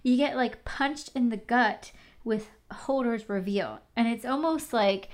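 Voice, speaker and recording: A woman in casual recap chat, animated, swearing and using many fillers. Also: fairly high pitch, unhurried.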